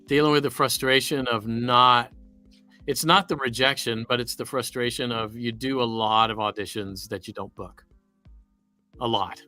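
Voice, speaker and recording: A man's voice: mid-range voice, fairly even intonation, moderate pace, sharp tone, faint music behind. A man with a Southern US accent from Louisiana, chatting casually as a voice actor on a livestream and rambling into stories.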